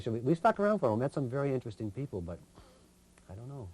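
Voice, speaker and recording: Rambling older man with a mellow voice. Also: medium pitch, lively intonation. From Canada. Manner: rambling, halting, self-interrupting. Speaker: guest musician. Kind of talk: casual storytelling.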